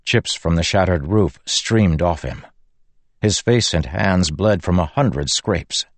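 Brief: low-voiced male narrator, measured and dramatic, dry close-miked audiobook read. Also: animated, dry recording. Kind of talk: audiobook narration of fantasy fiction.

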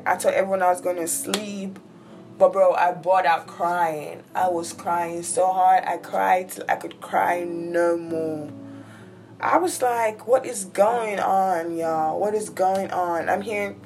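Candid woman podcaster, soft guitar behind. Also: mid-range voice. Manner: candid, conversational, addresses listeners as "y'all" and "bro". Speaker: podcast host. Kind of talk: personal storytelling monologue. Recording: faint guitar music behind.

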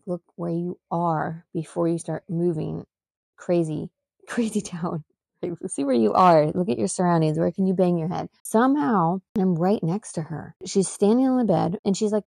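A woman tells a story in a rambling, emphatic way, with many fillers and false starts. Her voice sits low and has a gravelly edge. The sound is dry and close, with no room echo. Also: moderate pace, warm tone. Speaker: mother and podcast host. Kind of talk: casual storytelling.

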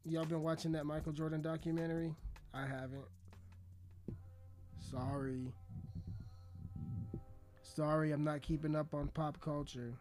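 High-voiced man ranting profanely over music. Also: little pitch movement, unhurried, long pauses, a little mellow. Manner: aggressive, mocking, heavy swearing. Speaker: rapper. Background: music playing.

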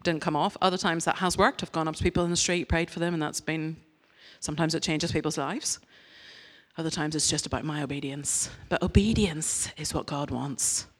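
Speaking a little fast in a low, slightly rough voice, a church speaker delivers a sermon in a conversational style. She mocks herself frankly in her anecdotes but turns earnest and straightforward when making appeals.

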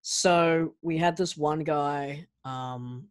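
A man being interviewed as a guest, telling stories in a lively way and often restarting his sentences. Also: on the high side, very slow. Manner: animated anecdote-telling with frequent restarts. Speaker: guest, actor and pro wrestler. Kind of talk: casual interview storytelling.

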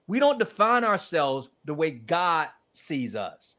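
A man with a fairly high voice speaks as an interview guest. He talks in an animated, preacherly way, leaning hard on his points with emphasis. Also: slow pace, few pauses. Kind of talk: passionate interview conversation.

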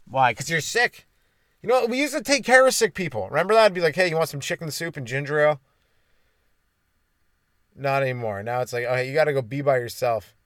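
A man who is a stand-up comedian, hosting his podcast in a rambling comedic monologue, stumbling over his words and mocking his own dark jokes. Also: fairly high pitch, lively intonation, a little fast, long pauses, no echo, clean studio sound. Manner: self-deprecating, stumbling and restarting, dark jokes.

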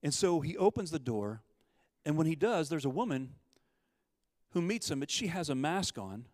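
Guy preaching a story sermon, gets loud then goes real quiet, dry close sound. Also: a little high, big pitch swings, normal speed, dry recording, long reverb tail. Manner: parable narrated with acted-out quotes, swinging between loud urgency and hushed softness.

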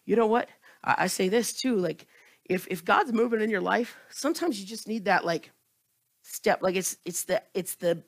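A man preaching a sermon with passion, swinging between loud emphatic cries and hushed, close asides. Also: high voice, moderate pace.

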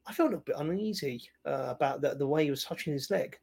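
A man's voice: fairly high pitch, lively intonation, fast, vocal fry, a little mellow. Hesitant man chatting casually. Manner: rambling, hesitant, many fillers and restarts. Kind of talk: casual chat about films.

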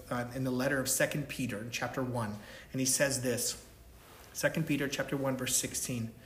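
A man's voice: medium pitch, fairly bright tone, echoey room, slight background noise. A man preaching a sermon, emphatic, stressing his points and checking in with "right?". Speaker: pastor.

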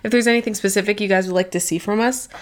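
Midwestern American woman, podcast co-host, chatty and self-deprecating, quick to laugh. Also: mid-range voice, steady tone. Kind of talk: casual chat.

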